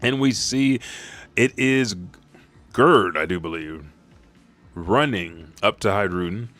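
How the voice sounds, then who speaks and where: A man retelling a manga chapter in a casual, profane, excitable way. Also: on the low side, slow pace, faint music behind. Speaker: manga recap host. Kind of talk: casual recap.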